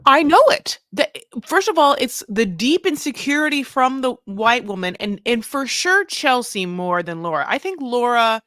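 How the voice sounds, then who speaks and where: A woman's voice: on the high side, sing-song, moderate pace, hardly any pauses, a bit bright, no echo, studio quality. A woman co-hosting a podcast, giving her take in casual chat while thinking aloud with restarts. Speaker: podcast co-host.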